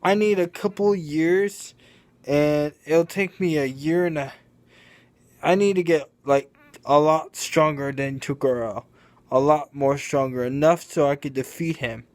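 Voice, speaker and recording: A man's voice: a little high, unhurried, a little mellow, close to an everyday voice. A man voicing a brash young male street fighter who talks earnestly and insists on his point, repeating himself.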